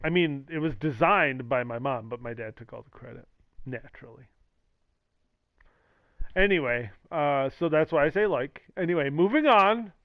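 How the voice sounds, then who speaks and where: Guy streamer riffing and joking around, kinda high voice, lo-fi dry mic. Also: expressive, moderate pace, no echo. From the Valley. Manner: jokey, sarcastic, tangents and acted-out quotes. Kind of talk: casual rambling monologue.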